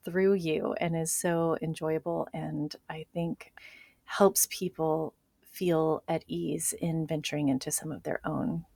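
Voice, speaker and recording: Woman host, gravelly voice, dry close sound, reflects the guest's words back. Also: sits low, dark tone, dry recording. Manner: affirming, reflects back what the guest says. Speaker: podcast host, physician. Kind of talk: casual interview.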